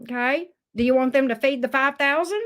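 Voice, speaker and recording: A woman's voice: high voice, fairly quick, fairly bright tone. A middle-aged woman giving a casual tarot reading, teasing and talking straight to the viewer in a sassy way. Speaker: tarot reader.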